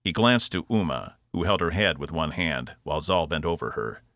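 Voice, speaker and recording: A man narrating his own science-fiction audiobook in an expressive storytelling manner. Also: a bass voice, normal speed, dry recording, clean studio sound. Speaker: author narrating his book.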